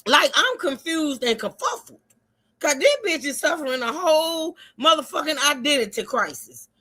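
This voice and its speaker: A woman hosting a casual livestream, telling stories loudly, laughing and swearing. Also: sits high, normal speed. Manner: loud, laughing, profane, animated storytelling. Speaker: streamer host.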